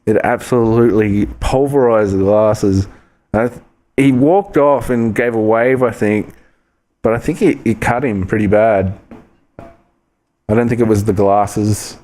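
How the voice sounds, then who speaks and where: A man's voice: lowish voice, a little slow, dark tone. A man co-hosting a podcast in casual, rambling chat with stops and restarts. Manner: rambling, stop-start chat. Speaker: podcast co-host.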